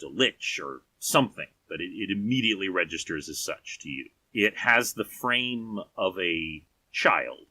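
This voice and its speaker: A man narrating a tabletop game as game master, telling the scene in unhurried, vivid detail. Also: low voice, pushed and bright, slightly rough, dry recording.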